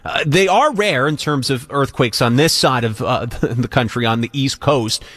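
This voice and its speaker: New radio anchor, male, steady studio read with the odd "uh". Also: mid-range voice. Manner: measured delivery with frequent uh fillers. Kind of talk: live news anchoring.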